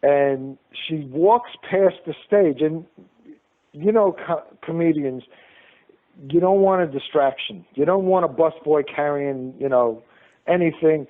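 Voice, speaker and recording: A man tells his stories in an animated way, jumping into the voices of everyone in them. His voice sits a little high. It reaches the listener through a thin, tinny phone line. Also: unhurried. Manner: animated, acts out quoted lines. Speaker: guest. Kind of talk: storytelling in a casual interview.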